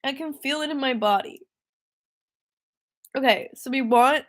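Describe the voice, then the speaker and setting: A woman's voice: sits high, a little slow. A young woman singer-songwriter chatting casually on a livestream, rambling and easily distracted, laughing often.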